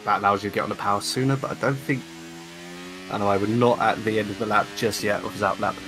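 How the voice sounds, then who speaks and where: Man, low voice, relaxed lap commentary, corner-by-corner breakdown, music behind. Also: quick pace. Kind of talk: explanatory sim racing commentary.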